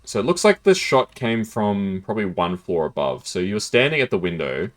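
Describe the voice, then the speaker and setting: Deep-voiced guy streaming a game, goofy and giggly, voice bounces all over. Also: big pitch swings, brisk. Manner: playful, giggly, self-deprecating. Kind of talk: casual gameplay commentary.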